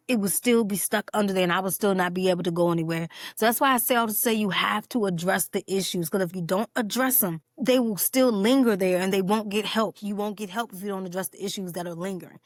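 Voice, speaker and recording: Casting: quick-talking woman, podcast host, earnest and candid, dry close sound. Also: medium pitch, no echo. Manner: earnest, speaks straight to listeners as "y'all"; candid, openly emotional. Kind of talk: personal mental health podcast talk.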